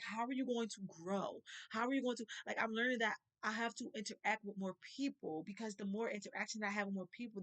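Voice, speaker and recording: A woman's voice: on the high side, a bit bright. A woman talking in a casual spiritual vlog, earnest and emotional, near tears at moments. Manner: emotional, earnest, heartfelt, at times tearful. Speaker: spiritual vlogger.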